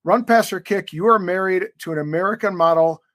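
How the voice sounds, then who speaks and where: A man's voice: high voice, fairly quick, a bit bright, no echo, clean studio sound. A man co-hosting a sports podcast interview, joking and rambling with plenty of fillers. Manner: jokey, rambling, filler-heavy. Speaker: co-host.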